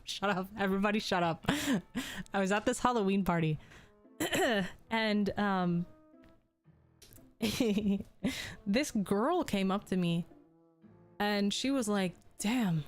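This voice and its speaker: Young woman, crude and joking, unhurried delivery, faint music behind. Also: mid-range voice. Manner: crude, joking storytelling, laughs often. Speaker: streamer. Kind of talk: casual chat.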